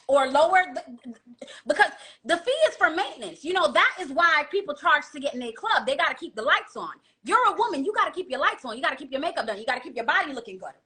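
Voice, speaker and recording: A woman's voice: high voice, pushed and bright. A woman giving blunt dating advice in a casual monologue, lecturing and asking rhetorical questions.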